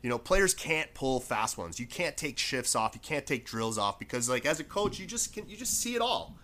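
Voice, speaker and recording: A man's voice: medium pitch, normal speed. A man, a former hockey player turned coach, telling a rambling story on a podcast with lots of "like" fillers. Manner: rambling, animated, many "like" fillers.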